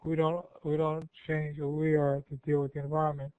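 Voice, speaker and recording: An older man, the guest speaker, fields students' questions in a rambling, folksy way, frequently correcting himself. His delivery is completely flat and a little fast, his voice a little high, clear and resonant. Nothing echoes, though the recording sounds tinny and phone-like.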